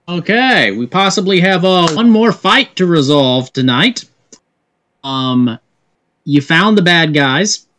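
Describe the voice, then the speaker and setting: Slow, halting male game master. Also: a little high, expressive, a bit bright, a little hiss or hum. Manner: halting, with many fillers. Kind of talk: narrating a tabletop game.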